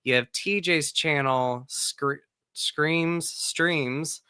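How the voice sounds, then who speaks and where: A man's voice: on the high side, very slow, bright, forceful tone, smooth, no echo. A man in his thirties hosting a casual live-stream podcast, chatty and upbeat, talking straight to his viewers. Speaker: podcast host.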